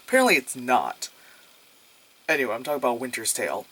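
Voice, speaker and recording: A man's voice: fairly high pitch, lively intonation, brisk, fairly bright tone. A man giving a casual movie review, rambling and sarcastic, full of filler words and swearing. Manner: swears freely.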